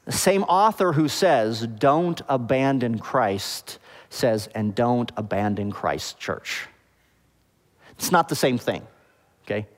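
A pastor preaching a sermon, explaining the meaning of words and often checking with the congregation whether it makes sense. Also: male voice, medium pitch, animated, slow pace, in a large hall. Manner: explains word meanings, asks the congregation "okay?" and "does that make sense?".

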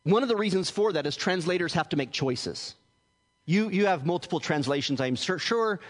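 A man's voice: high-pitched, lively intonation, moderate pace. A man as pastor giving a teaching sermon, explaining earnestly and often restarting his words. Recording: hall reverb.

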